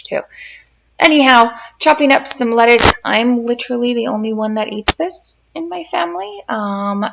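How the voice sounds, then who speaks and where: A woman's voice: fairly high pitch, creaky, low-quality recording. A woman in her thirties, a mother doing a casual, rambling cooking voice-over, self-deprecating and sleepy. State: tired, yawning. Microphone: home voice-over mic.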